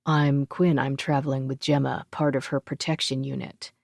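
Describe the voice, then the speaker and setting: A woman's voice: extremely low pitch, flat delivery, normal speed, vocal fry, a little mellow, dry recording, exaggerated voice. A woman voicing an easygoing male warrior in an audiobook, speaking in a dry, amused way. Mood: wry.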